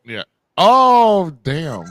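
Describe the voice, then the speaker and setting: A man's voice: high-pitched, wildly swooping pitch, extremely slow, a crowd in the background. A man co-hosting a casual wrestling recap podcast, loose and joking, calling people bro and dude. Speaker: podcast co-host.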